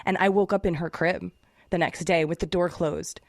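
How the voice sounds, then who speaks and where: A woman guest tells a story on a podcast, rambling and pausing on fillers. Her voice is low for a woman. The sound is dry. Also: steady tone, no echo. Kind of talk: casual storytelling.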